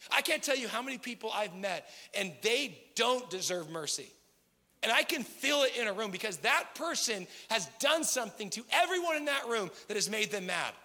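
A man's voice: sits high, big pitch swings, moderate pace, sharp tone. A man in his thirties preaching a sermon as pastor, conversational and passionate, building to emphatic peaks. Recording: long hall reverb.

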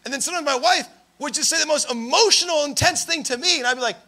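A young man preaching a sermon, telling stories in an animated way and raising his voice for emphasis. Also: very high-pitched, fast talker. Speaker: pastor.

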